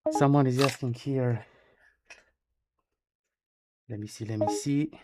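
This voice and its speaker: A man's voice: mid-range voice, steady tone, slow, mellow. A man from Romania with a Romanian accent, chatting playfully with viewers as a live game streamer, punning and repeating his phrases. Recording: noisy stream audio with clicks.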